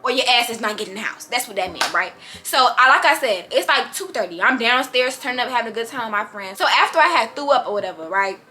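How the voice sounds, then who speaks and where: A young woman telling a story to her viewers, animated and full of slang. Her voice sits high and bright, and faint music plays underneath. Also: fast, hardly any pauses. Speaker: vlogger. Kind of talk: storytime vlog.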